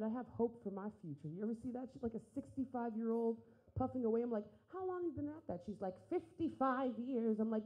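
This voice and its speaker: A woman's voice: on the high side, phone-quality sound. A young woman doing a stand-up comedy set, brash and profane, acting out the voices of people in her stories.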